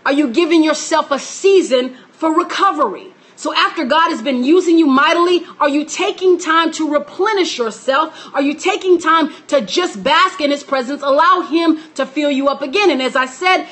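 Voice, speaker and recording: Female preacher, high-pitched, emphatic teaching sermon. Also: moderate pace, hardly any pauses, a bit bright. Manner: emphatic, repetitive, greets listeners by name. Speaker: minister teaching a class.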